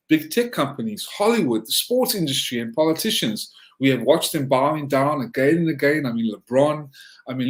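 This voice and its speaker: Fired-up guy with a georgia accent ranting on a podcast, mid-pitched voice, keeps stumbling over words. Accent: Southern US, Georgia. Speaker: podcast guest. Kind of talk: casual podcast chat.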